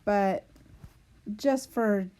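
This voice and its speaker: Slow, patient woman teaching grammar. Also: mid-range voice, warm tone. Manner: slow, patient explaining, talking to herself while writing. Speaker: Spanish teacher. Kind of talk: recorded grammar lesson, writing on a board.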